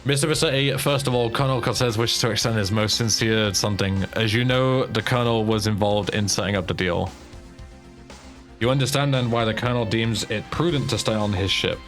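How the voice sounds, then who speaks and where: A man's voice: fairly low pitch, a little fast, fairly bright tone, faint music behind, close to an everyday voice. A man voicing a formal, overly well-spoken security chief for a gang boss.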